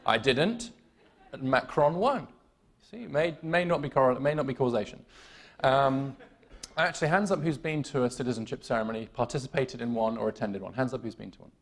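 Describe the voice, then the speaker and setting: British keynote speaker, man, gravelly timbre, dry self-mocking wit, talks through ums. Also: medium pitch, a little fast, a little hiss or hum. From United Kingdom. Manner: wry, self-deprecating humor with many fillers and restarts. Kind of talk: conference keynote talk. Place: conference hall.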